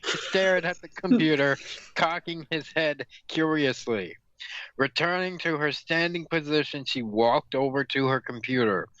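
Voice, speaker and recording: A man's voice: a little high, sharp tone, no room sound. A man reading fan fiction aloud for laughs, stumbling over words and correcting himself. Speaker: reader and host. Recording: dull lo-fi audio, dry room.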